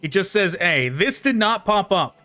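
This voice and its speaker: A man with a high, bright voice gives casual gameplay commentary, chatty and quick to laugh as he picks at a game's design. His tone is smooth and clear, recorded close and dry with no room sound. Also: animated, no echo, faint music behind. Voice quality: chatty, laughs while critiquing. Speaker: gaming channel host.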